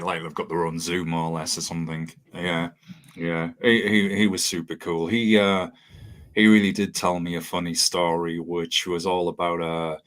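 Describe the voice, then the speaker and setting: A man hosting an interview, chatty and quick to laugh as he tells stories. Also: sits low, fairly bright tone. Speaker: podcast host. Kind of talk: casual interview chat.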